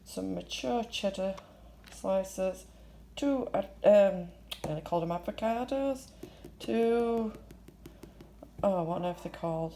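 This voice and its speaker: Slow-talking chatty older woman vlogger. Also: medium pitch, gravelly, mellow, a little hiss or hum, low-quality recording. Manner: chatty, listing items one by one. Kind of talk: casual shopping haul narration.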